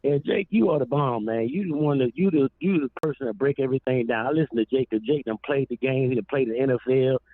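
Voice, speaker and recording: A man's voice: medium pitch, fast talker, hardly any pauses, no echo. Hyped guy calling in, rambles a lot, sounds like a phone, dry. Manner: hyped, rambling, repeats "man" and "family". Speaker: caller. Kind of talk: excited phone-in call. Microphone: telephone. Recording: tinny phone line.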